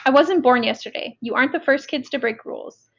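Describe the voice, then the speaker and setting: A woman's voice: high voice, fairly quick, a bit bright, dull audio. A woman voicing a stern, hot-tempered middle-aged male prison warden who lectures and scolds.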